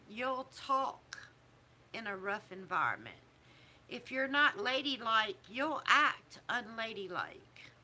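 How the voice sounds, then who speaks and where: A middle-aged woman, talking casually to camera as a vlogger in a disapproving, preachy way with drawn-out emphasis. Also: a little high, pushed and bright. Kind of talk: casual opinion talk to camera.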